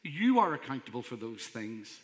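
Male pastor, emphatic conversational preacher, bright voice, reverberant hall. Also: mid-range voice, sing-song, normal speed. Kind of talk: sermon.

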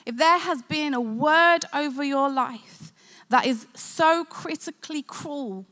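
A woman's voice: high voice, slow pace, pushed and bright, long reverb tail. A woman pastor preaching and praying in an earnest, conversational way. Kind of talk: sermon. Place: church hall.

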